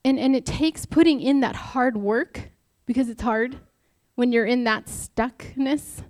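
Speaking a little slowly in a darkish voice on the high side, a young woman gives a casual, candid devotional talk at church. She mixes personal anecdotes with rhetorical questions, and there's no echo.

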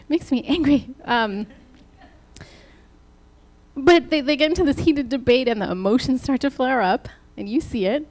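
A woman preaching to a church in a lively, laughing, conversational sermon style. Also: high-pitched, slow, long pauses. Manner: animated, laughing while retelling, addresses the church directly.

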